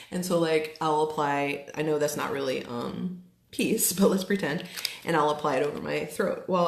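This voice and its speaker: Casting: woman in her thirties, lower-pitched, chatty and filler-heavy, informal home talk in an echoey room. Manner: chatty, many fillers, gets emotional. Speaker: essential oils seller. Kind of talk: casual live chat to camera.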